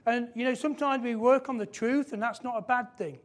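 A preacher with a high-pitched, steady-toned voice gives an emphatic sermon in a church. Key phrases come back repeatedly, and he eases his pace to press important points.

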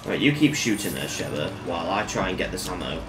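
A man's voice: sits low, expressive, fast, music in the background. A man giving casual let's-play commentary, chatty and swearing, with lots of fillers and laughing at his own jokes. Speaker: gamer.

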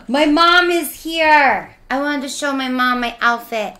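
A woman's voice: high voice, takes it slowly, bright, forceful tone, reverberant. A young woman streaming a game, chatting casually and playfully with her viewers as she reads their messages aloud.

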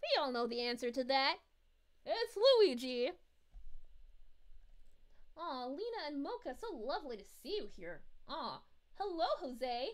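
Daisy, bubbly high princess, as a woman plays her. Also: sing-song, unhurried, long pauses. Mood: sweet. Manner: bubbly, giggly, coos at viewers. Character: cheerful young adult princess, sweet and giggly. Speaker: VTuber streamer. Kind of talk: livestream chat Q&A in character.

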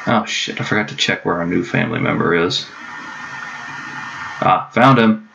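A gameplay commentator with a deep voice casually talks through his strategy game at a moderate pace, chatty, swearing and joking to himself. It's recorded on a dull lo-fi mic with clear noise.

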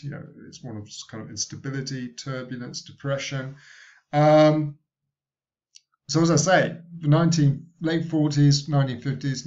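A male university lecturer giving a recorded lecture, talking in a halting way with many restarts. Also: mid-range voice, vocal fry, darkish tone, highs cut off. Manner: hesitant, many fillers and restarts.

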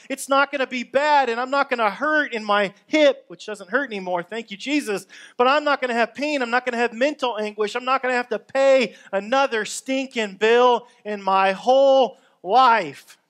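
A man's voice: very high-pitched, a bit bright. A man preaching a sermon in a conversational, upbeat way, acting out everyday complaints to make his point. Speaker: pastor.

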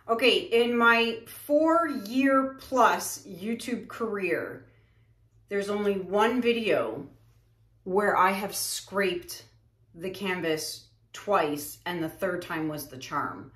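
A woman's voice: medium pitch, animated, slow pace, fairly bright tone. A woman artist talking casually to her viewers while she paints. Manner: chatty, addresses viewers directly. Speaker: acrylic pour artist. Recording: echoey room.

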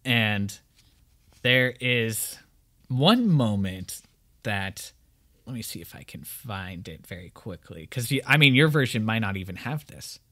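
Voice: medium pitch, animated, measured pace, a bit bright. A podcast co-host discussing a book thoughtfully, sometimes repeating words while thinking.

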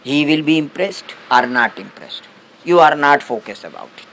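Man giving an unhurried satsang talk. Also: fairly high pitch, animated, gravelly, a bit bright, a little hiss or hum, poor audio. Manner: halting, broken English with many restarts. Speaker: spiritual teacher.

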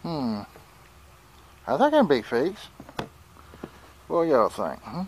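A man's voice: a little high, huge pitch swings, slow pace, darkish tone, a little hiss or hum, low-quality recording. A man talking casually to viewers on a phone camera outdoors in his yard, folksy and rambling, a bit out of breath. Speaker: vlogger. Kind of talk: casual vlog narration.

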